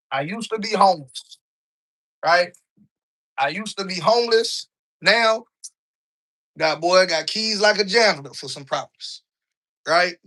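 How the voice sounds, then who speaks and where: An online business coach chats loosely on a live stream, carrying a handheld phone as he walks from room to room inside a house. His voice runs on the high side, bright and forceful, and he keeps tossing in "right?"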